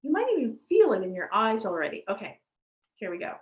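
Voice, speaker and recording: A woman guides a chair yoga session in a gentle, upbeat way and laughs easily between cues. Her voice sits at an ordinary middle pitch. The sound is roomy, with clear echo around her. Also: big pitch swings, quick pace, lo-fi sound. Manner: gentle, cheerful, laughs often. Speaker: yoga instructor. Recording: echoey room.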